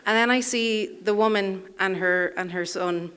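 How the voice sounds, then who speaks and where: A woman's voice: mid-range voice, normal speed, a bit bright. A woman telling a personal story live on a theatre stage, in a wry, self-deprecating way, chuckling through her lines.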